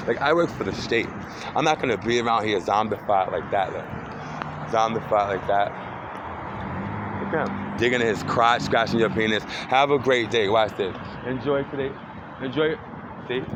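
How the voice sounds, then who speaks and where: A man rambling through a profane, accusatory rant outdoors on a city street, filming himself on a phone. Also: medium pitch. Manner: rambling, accusatory, heavy cursing. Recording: dull lo-fi street recording with traffic noise. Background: street traffic noise.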